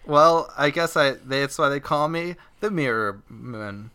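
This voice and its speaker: A man co-hosting a podcast, talking in a loose, rambling way. His voice is bright and ringing, and he mocks himself and laughs often through casual chat. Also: medium pitch, animated, measured pace, clear, resonant tone. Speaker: podcast co-host.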